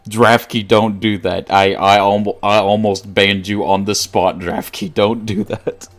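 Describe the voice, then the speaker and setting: A man with a lowish, level voice talks at a slow pace while streaming a game live. He jokes with his chat, laughs often, and keeps up commentary for his viewers as he plays.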